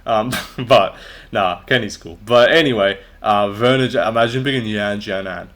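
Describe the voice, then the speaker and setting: A man's voice: on the low side, normal speed, fairly bright tone. A young man hosting a casual solo recap of fight results, blunt, profane and mocking. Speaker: MMA commentator and channel host.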